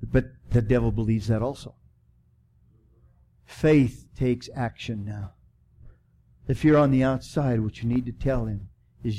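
A man preaching a sermon in church as pastor, swinging from loud emphatic preaching to soft, prayerful appeals. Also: mid-range voice, measured pace, long pauses, slight background noise.

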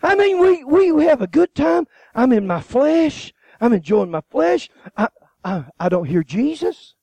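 High-voiced, animated man preaching with humor. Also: a little slow, gravelly, dry recording. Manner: animated, joking storytelling with laughs and acted-out voices. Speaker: guest preacher. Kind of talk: sermon.

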